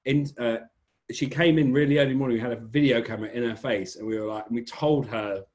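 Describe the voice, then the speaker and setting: This British man with an English accent, a small business owner, talks fast in a casual podcast interview. His medium-pitched voice is a little mellow with fairly even intonation, and he rambles through stories while correcting himself.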